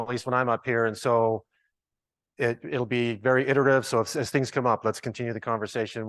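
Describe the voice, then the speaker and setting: A man facilitating a training session in a loose, joking way, thinking aloud and teasing the room. His voice sits at an average pitch and sounds dry and close. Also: fairly bright tone, dry recording. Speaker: workshop trainer. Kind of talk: informal workshop facilitation. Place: large ballroom with a live audience.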